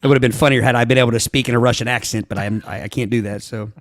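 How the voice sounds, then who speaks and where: A man co-hosting a podcast in casual chat, reading out joke reviews in a flat, deadpan way. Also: medium pitch, very fast, dry recording, clean studio sound. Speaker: podcast co-host.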